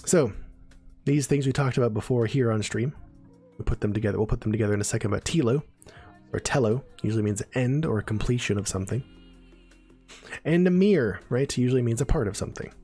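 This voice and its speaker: A man's voice: medium pitch, fairly quick, dark tone, husky, soft background music. A man giving a casual live-stream neuroscience lesson, explaining terms and checking in with viewers as he goes. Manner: chatty, explains terms with frequent "right?" and "okay?" check-ins.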